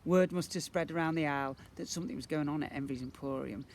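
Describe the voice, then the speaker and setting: A man, a primary school teacher, reading a children's book aloud in an expressive way. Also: a little high, fast, a little hiss or hum. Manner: animated, expressive storyteller.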